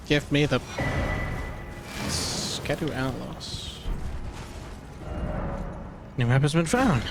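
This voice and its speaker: Gravelly-voiced guy streaming a game, slow and chatty, swears a lot. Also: a little high. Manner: thinks aloud, loose and profane. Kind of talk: live gameplay commentary.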